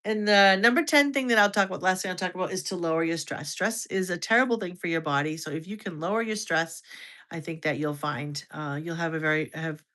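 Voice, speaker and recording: A woman's voice: fairly low pitch, brisk, fairly bright tone. Chatty American woman livestream host. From United States. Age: over 50. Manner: chatty, restarts often, reacts to comments. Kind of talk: casual livestream chat with viewers.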